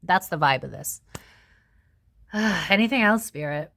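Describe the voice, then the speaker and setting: A young woman hosting a casual tarot reading, chatty and animated, swearing freely as she talks through the cards. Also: lowish voice, measured pace, dry recording. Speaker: tarot reader host.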